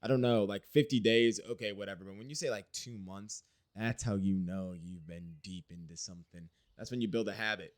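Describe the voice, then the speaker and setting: A man's voice: fairly low pitch, brisk, no room sound, clean studio sound. A man from Wisconsin talking through a casual spoken video diary, rambling and candid with some swearing. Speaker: video diarist.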